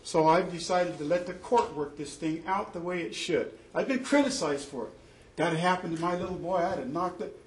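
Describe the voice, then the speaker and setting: A man's voice: sits high, normal speed. Indignant man in an echoey room. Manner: indignant and emphatic, with restarts. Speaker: father testifying in a custody dispute; church deacon. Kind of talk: impassioned personal testimony. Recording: echoey room with faint background noise.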